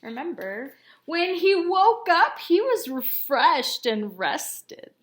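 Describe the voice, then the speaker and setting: Lively woman reading to children. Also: extremely high pitch, takes it slowly, a little hiss or hum. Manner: animated, asks children questions and has them join in. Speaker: storyteller for children. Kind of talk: picture book read-aloud.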